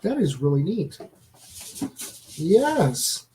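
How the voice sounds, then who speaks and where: A man on a casual livestream, talking about and cooing softly to a baby pet lizard, with many fillers. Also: a little high, fairly quick, slight background noise, low-quality recording. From Canada. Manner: chatty, many fillers, coos softly at the animal. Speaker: streamer showing a pet lizard.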